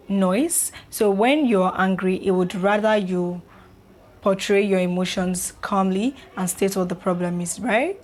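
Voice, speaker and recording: A woman's voice: mid-range voice, darkish tone. A young woman, chatting casually to camera about relationships, loose and filler-heavy. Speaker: vlogger.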